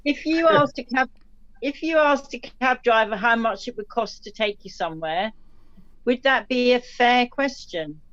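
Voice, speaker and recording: The sound is dull, dry and lo-fi as a woman with a somewhat high, slightly bright voice hosts an online café show, speaking unhurriedly with no echo. She chats casually and reads listener jokes aloud, making small slips.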